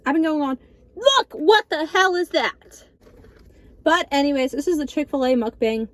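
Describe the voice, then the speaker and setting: Sarcastic young woman vlogger, higher voice. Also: animated, unhurried, no echo. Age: early 20s. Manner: sarcastic, dramatic storytelling. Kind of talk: casual mukbang chat.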